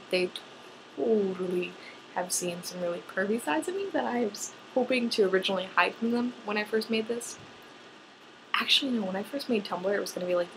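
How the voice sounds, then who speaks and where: Young American woman, chatty and rambling vlogger, casual and self-mocking, medium pitch, faint background noise. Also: a bit bright, rough recording. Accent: General American. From North America. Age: young adult. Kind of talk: casual voice meme vlog.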